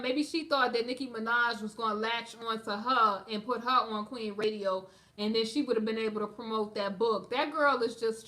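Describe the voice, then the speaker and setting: A woman's voice: fairly high pitch, pushed and bright. A woman giving sassy, emphatic gossip commentary on a live stream, talking straight to her viewers in a slangy, casual way.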